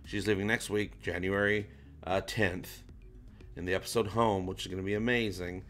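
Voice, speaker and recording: A man hosting a casual fan livestream, reading viewer comments aloud and joking in an animated, playful way. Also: low voice, normal speed, faint music behind. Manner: animated, jokey, shout-outs to viewers. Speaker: livestream host.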